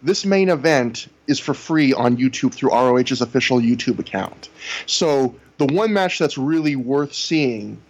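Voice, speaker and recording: A man in casual podcast conversation, walking through events in long recaps. His pitch sits in the middle range, and he leans on "you know" as he goes. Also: animated, unhurried, slightly rough. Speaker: podcast co-host reviewing wrestling shows. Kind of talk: casual chat.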